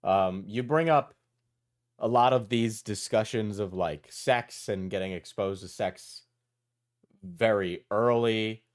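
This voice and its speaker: Guy hosting the show, mid voice, stumbles and repeats words asking stuff. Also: on the low side. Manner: hesitant, repeats words, halting. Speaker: show host. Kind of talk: interviewing guests.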